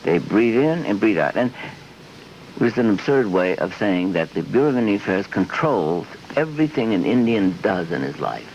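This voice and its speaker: A man's voice: on the low side, normal speed. A man in his fifties in a television interview, rambling and acting out little scenes in other voices. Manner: rambling, animated, acts out quotes in voices. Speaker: interview guest. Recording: dull lo-fi 1970s archive audio with faint hiss.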